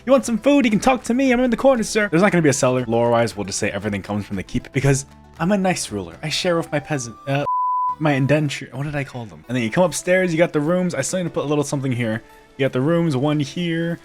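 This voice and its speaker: A man's voice: medium pitch, expressive, fast talker, over music. A man giving casual, playful commentary on his game building, with self-mocking jokes and giggly asides. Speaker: gaming video creator.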